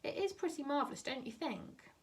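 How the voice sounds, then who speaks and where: A woman's voice: high-pitched, lively intonation, fairly quick, a little mellow, far from the mic, pitched above the performer's own voice. A woman voicing a small six-year-old boy who talks in a matter-of-fact, slightly bossy way.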